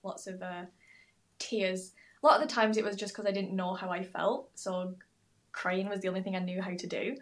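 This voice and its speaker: A woman's voice: mid-range voice, little pitch movement, normal speed, low-quality recording. A young woman speaking candidly as a podcast guest over a video call, rambling and heartfelt, with lots of fillers and restarts. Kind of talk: candid interview talk. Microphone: remote video call.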